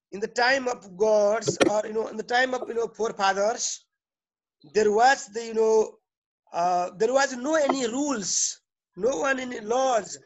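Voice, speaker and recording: Teacher, male, Nepali English accent, repetitive explaining style with frequent "okay?" check-ins. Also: sits high. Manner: repeats and restarts phrases, checks in with "okay?". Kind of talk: classroom lecture.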